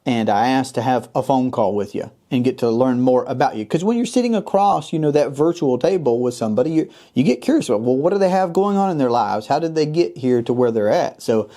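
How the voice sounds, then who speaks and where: Male host, mellow low-bright tone, rambling casual chatter. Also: expressive, brisk, few pauses. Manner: chatty and rambling, with many restarts. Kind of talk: casual interview hosting.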